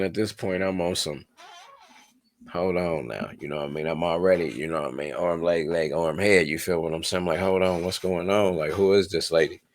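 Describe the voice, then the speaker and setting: A man in his twenties telling a personal story in a casual, laid-back way, swearing often and checking in with his listener. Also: sits low. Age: 20s. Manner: laid-back, swears a lot, keeps asking "you know what I'm saying".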